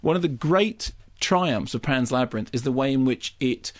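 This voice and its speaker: A man reviewing a film on the radio, animated, often restarting and repeating words. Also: medium pitch, moderate pace. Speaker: film critic.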